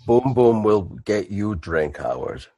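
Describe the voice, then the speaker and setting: Man doing a very low, slow half-orc who never blinks, third-person talker, dry mic. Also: sing-song, mellow, dry recording, lo-fi sound, full character voice. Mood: flat. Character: tall strange male half-orc, unblinking, childlike.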